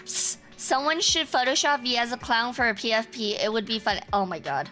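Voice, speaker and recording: A woman's voice: fairly high pitch, brisk, pushed and bright, soft background music. A woman streamer chatting casually with her viewers, teasing and self-assured. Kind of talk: casual chat with a live chat.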